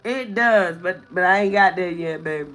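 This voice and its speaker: A woman's voice: lowish voice, normal speed, a bit bright. A woman, venting candidly to viewers on a live stream and thanking commenters as she talks. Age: 30s. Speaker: vlogger, mother of four.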